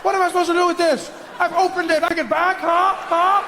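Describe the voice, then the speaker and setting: A man playing a whiny, frustrated young boyfriend who complains in a high voice. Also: level tone, fairly quick, bright, forceful tone, a faint crowd, a little hiss or hum, exaggerated voice. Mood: whining. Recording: echoey live hall.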